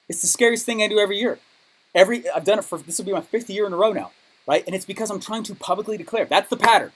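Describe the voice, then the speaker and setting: A man giving an energetic motivational training talk as a business coach, emphatic and checking in with his audience often. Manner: high-energy, emphatic, keeps asking "okay?".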